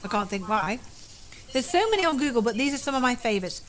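A high-pitched woman co-hosts a casual chat show and reads listener messages with playful glee. She laughs easily as she rattles off lists. Faint background noise sits under her voice. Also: expressive, quick pace, fairly bright tone. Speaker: podcast co-host.

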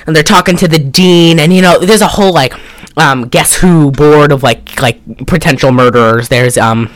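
A man's voice: on the high side, normal speed, no room sound. A man co-hosting a casual chat, recapping a film in a rambling, jokey way with lots of fillers. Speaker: podcast co-host.

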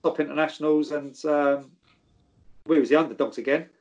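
A man recounts his football days in a casual, animated way, cursing freely. His voice sits a little high for a man. He keeps the story moving with plenty of fillers. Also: moderate pace, lo-fi sound. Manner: swears freely, animated anecdotes. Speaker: former footballer guest.

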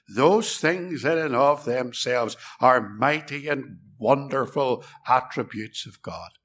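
A man preaching a sermon in a measured, emphatic way, sometimes dropping to a near-whisper for stress. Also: medium pitch, fairly bright tone.

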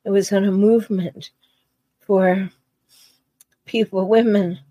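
A woman's voice: mid-range voice, mellow, slightly rough, no room sound, low-quality recording. A woman giving earnest relationship advice, talking unhurriedly and repeating key phrases for emphasis. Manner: unhurried with deliberate pauses. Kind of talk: solo advice talk.

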